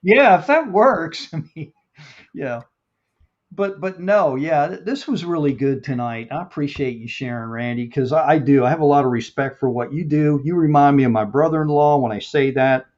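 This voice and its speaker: A man's voice: on the high side, moderate pace, darkish tone. A man hosting a casual live-stream interview, chatting and laughing as he reads viewer comments aloud. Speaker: host. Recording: dull lo-fi stream audio.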